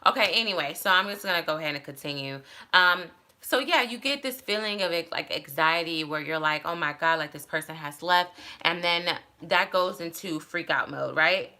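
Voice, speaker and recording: A woman talks candidly to her phone camera, giving casual advice in a rambling way. Her voice sits low but has a bright, forceful edge. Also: expressive, moderate pace, few pauses. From Texas. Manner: candid, rambling, many fillers. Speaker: vlogger.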